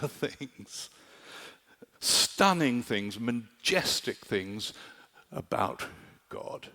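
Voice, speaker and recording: A man preaching to a gathering, his voice at an ordinary middle pitch. He talks in an animated, rhetorical way, often checking in with the room. A long reverb from a large hall trails behind every phrase. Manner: animated, rhetorical, keeps asking "do you see?". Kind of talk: sermon. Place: large conference hall at a summer camp.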